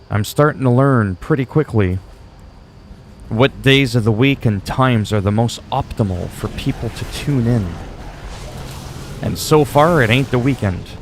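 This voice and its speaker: A man's voice: on the low side, a little hiss or hum. A man from Canada whose first language is French, chatting with viewers in a rambling, easygoing way while he plays games on a livestream. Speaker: game streamer. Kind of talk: casual livestream chat while gaming.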